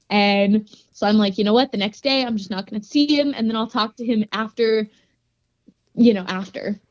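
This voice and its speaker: A young woman, a grappler appearing as a podcast guest, tells a story in a giggly, animated, casual way and says "like" constantly. Her voice is fairly high and her pace moderate. The recording is muffled and dry, with no room sound.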